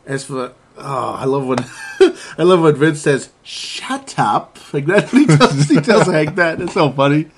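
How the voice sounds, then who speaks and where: A man's voice: fairly high pitch, animated, moderate pace, slight background noise. Rambling, jokey man co-hosting a podcast. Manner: rambling, laughs often, jokey. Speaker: podcast co-host. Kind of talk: casual sports podcast chat.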